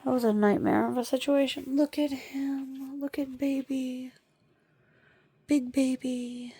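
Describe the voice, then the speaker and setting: A woman vlogging at home while she has a migraine, talking softly and tiredly and cooing at her dogs. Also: high-pitched, steady tone, slow pace, husky, dry recording. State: suffering a migraine. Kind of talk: casual vlog talk to camera and dogs. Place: at home indoors.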